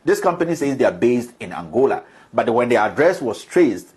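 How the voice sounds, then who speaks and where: A man with a husky, mid-pitched voice explains step by step in an old video clip. He speaks in a measured way, pausing on fillers as he lays out the facts. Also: very animated, a little mellow.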